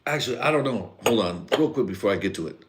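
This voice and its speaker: A man with a very low, deep voice rants loosely on a live podcast stream. He sounds a little drunk, and he rambles, swears freely and breaks into laughter as he goes. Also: expressive, fast talker, slight background noise. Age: adult father and husband. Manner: rambling, profane, laughs often. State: tipsy. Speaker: podcast host. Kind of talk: casual live-stream rant.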